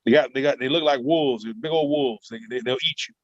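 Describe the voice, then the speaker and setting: A man's voice: medium pitch, brisk, no room sound, natural voice. Man doing an old country granny, stern and folksy; dull, dry remote audio. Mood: warning. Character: old Southern grandmother scolding children, superstitious.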